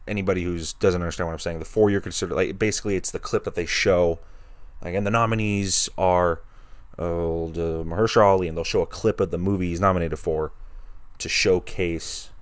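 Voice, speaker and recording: A man's voice: low-pitched, steady tone, fairly quick, no echo. A man hosting a podcast, chatting casually and rambling with many restarts as an enthusiastic film fan. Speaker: podcast host. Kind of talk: casual chat.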